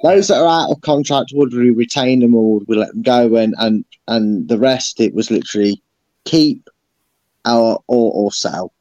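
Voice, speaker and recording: A man co-hosting a football podcast, animated and sweary, mimicking players' shouts. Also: mid-range voice, moderate pace, dry recording, lo-fi sound. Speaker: podcast co-host. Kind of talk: casual football chat.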